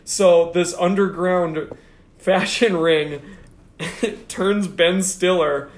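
Man podcast co-host, fairly high voice, roomy echo, chatty storyteller. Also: steady tone, extremely slow. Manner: chatty storyteller, laughs often. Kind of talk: casual chat.

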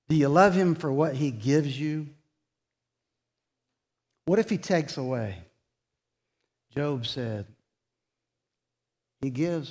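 A man preaching. He is earnest and tells the story by quoting what people said. At the solemn points his voice falls soft and slow. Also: medium pitch. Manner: retells conversations in quoted dialogue, earnest. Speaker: pastor. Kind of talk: sermon storytelling.

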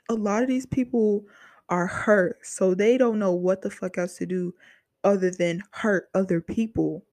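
A woman's voice: on the low side, moderate pace, darkish tone, no room sound. A young woman hosting a podcast, telling a personal story in a frank, heated way with a lot of swearing. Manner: heavy profanity, frank and heated venting. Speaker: podcast host. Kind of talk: casual storytelling monologue.

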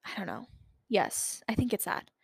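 A woman's voice: mid-range voice, sing-song, normal speed, vocal fry, husky, no room sound, whispered, clean studio sound. Chatty young woman podcasting solo. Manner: chatty, rambling, filler-heavy. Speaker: podcast host.

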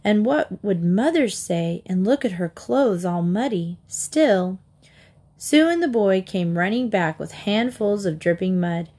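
A woman narrating a children's novel aloud with a steady, gentle reading manner. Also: mid-range voice, measured pace. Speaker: storybook reader.

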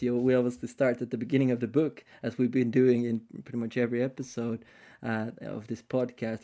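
A man whose first language is not English, co-hosting a podcast and explaining ideas thoughtfully in casual chat, with frequent pauses. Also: mid-range voice, mellow. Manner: thoughtful, hesitant, many fillers and restarts. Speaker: podcast co-host.

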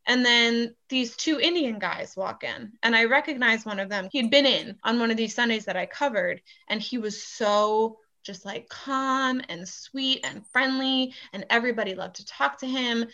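A young woman tells bar stories in a casual chat, her voice bright and fairly high. She talks in an animated way and swears freely. The recording sounds a little dull. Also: normal speed, few pauses. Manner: animated, swearing, acts out quoted voices loudly. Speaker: bartender.

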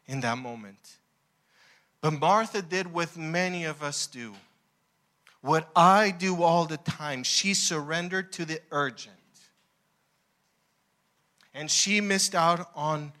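Pastor guy preaching, high bright voice, really lively and punchy. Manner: animated, emphatic preaching. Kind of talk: sermon.

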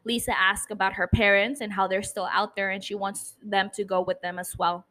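A woman's voice: medium pitch, little pitch movement, brisk, pushed and bright. A woman hosting a podcast, recapping a TV episode in casual, chatty talk with casual swearing and self-mocking laughs. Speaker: podcast host.

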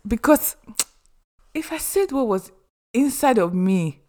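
A young woman from Nigeria, hosting a podcast and giving chatty, expressive advice with humorous asides. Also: on the high side, slow pace. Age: young adult. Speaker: podcast host. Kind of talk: casual advice monologue.

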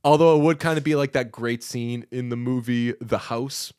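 A man's voice: medium pitch, steady tone, moderate pace, darkish tone, clean tone, dry recording, clean studio sound. A man co-hosting a podcast in casual chat, joking and reading quotes aloud. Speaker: podcast co-host.

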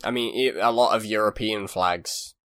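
A man co-hosting a podcast in casual chat, teasing and quick-witted. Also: lowish voice, a bit bright, no room sound, studio quality. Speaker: podcast co-host.

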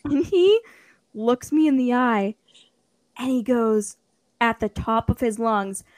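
Young woman, animated raconteur, bright higher voice, dry recording. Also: slow pace, dry recording. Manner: animated storytelling, acts out quotes, laughs often. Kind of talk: casual chat.

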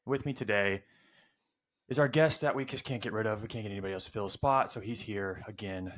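A man's voice: lowish voice, quick pace, fairly bright tone. A man hosting a podcast, chatting in a loose, upbeat, joking way. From Arkansas. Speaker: podcast host. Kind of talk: casual podcast chat.

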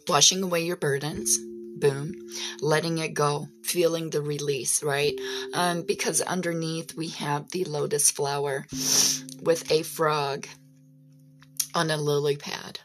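Low-pitched woman, casual spiritual reader with a salty tongue, clear music bed underneath. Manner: frequent "right?" tags, swears casually. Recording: music playing behind.

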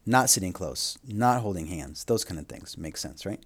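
A man teaching a course, reading from a textbook and adding quick asides, sometimes correcting himself as he reads. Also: low voice, lively intonation. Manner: reads aloud with asides and small self-corrections. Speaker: instructor. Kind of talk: reading a textbook aloud with comments.

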